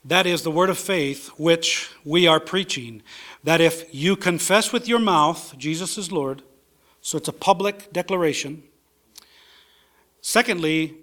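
A man preaches a sermon in a church, his voice sitting slightly higher than most men's. He reads scripture aloud, stops for fillers, then drives his key points home by saying them twice. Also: a bit bright. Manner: preaches with rising emphasis, repeats key phrases. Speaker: pastor.

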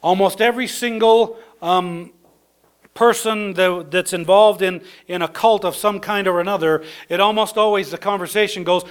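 A man preaching a sermon, conversational, swinging between soft low asides and excited high bursts. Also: normal speed, clean tone.

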